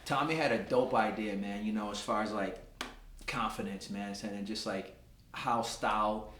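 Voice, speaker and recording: A man's voice: fairly low pitch, steady tone, moderate pace, a bit bright. A man co-hosting a podcast in casual chat, slangy and laid-back, leaning on "bro" and "man". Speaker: podcast co-host. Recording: echoey room with faint noise.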